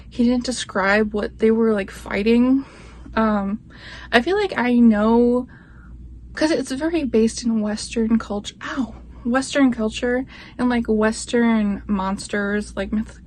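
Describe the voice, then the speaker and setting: A woman's voice: a little high, slight background noise. A young woman talking casually at home, gushing about books with lots of "like" fillers. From Florida, USA. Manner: chatty, gushing, many "like" fillers, baby-talks to her pet. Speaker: book vlogger. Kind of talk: casual book review chat.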